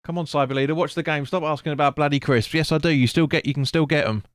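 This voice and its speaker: Recorded dry with studio quality, this slightly high-voiced man speaks fast. During his football watch-along stream he commentates on the match and responds to chat in a blunt, sweary, talkative way.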